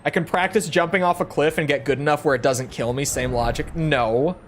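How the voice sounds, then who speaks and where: A man's voice: fairly high pitch, brisk, a little hiss or hum. A young man in his twenties chatting casually on a gaming stream, talking from the throat to project his voice.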